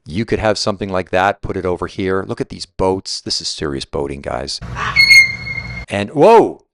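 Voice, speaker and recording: Chatty deep-voiced man touring a house. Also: fairly quick, creaky, background noise. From Southwest Florida resident. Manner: enthusiastic, chatty, self-deprecating, keeps saying right. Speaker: real estate agent giving a home tour. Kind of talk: walking home tour vlog. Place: walking through a house and outdoors by a pool.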